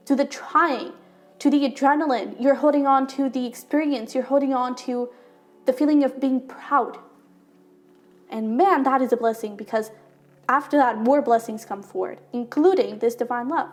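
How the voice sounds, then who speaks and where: Excited high-voiced woman reading tarot. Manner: excited, talks fast; warm, encouraging, many fillers. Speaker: tarot reader. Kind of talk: casual tarot reading to camera.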